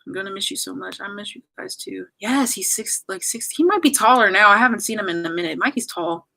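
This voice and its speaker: Saying goodbye on a livestream, a young YouTuber reads comments in a mid-range voice that's expressive, brisk, gravelly, bright and forceful. She rambles and apologizes with lots of fillers, visibly trying not to cry. Recording quality is low.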